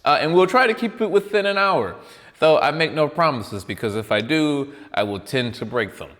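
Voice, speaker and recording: A man's voice: mid-range voice, fairly bright tone. A casual male podcast host who rambles and pokes fun at himself, his voice swinging up and down with plenty of life. A long reverb trails each line, as if the room is hollow. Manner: rambling, self-mocking, restarts often; chewing and eating while talking. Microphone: studio mic with headphones.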